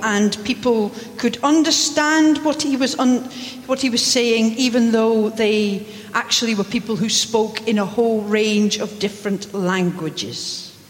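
A woman minister giving a lively, playful sermon, acting out examples for her congregation. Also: fairly high pitch. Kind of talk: sermon with audience participation. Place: church hall. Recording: echoey church hall.

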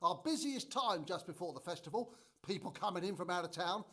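A man's voice: high voice, expressive, fairly quick, sharp tone, full character voice. An actor in a church drama sketch playing a chatty, proud middle-aged trader and father, who tells the story with wry asides.

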